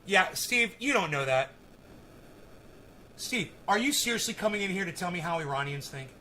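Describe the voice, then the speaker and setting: A man live streaming from his phone, ranting with heavy profanity and yelling at commenters in his chat. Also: high-pitched, lively intonation, normal speed, a little hiss or hum, poor audio.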